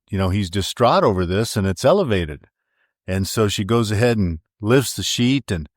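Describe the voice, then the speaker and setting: A man's voice: on the low side, no echo, studio quality. A man co-hosting a casual podcast and telling a long joke. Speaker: podcast co-host.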